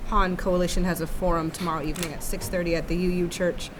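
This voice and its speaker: A woman's voice: on the low side, level tone, fast talker. Woman, board member, informational announcement, noisy room audio. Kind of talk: meeting announcement.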